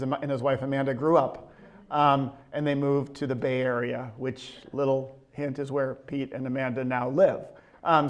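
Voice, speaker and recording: A man teaching a Bible study, telling a story in a conversational way with many ums and restarts. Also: on the high side. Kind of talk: casual teaching talk.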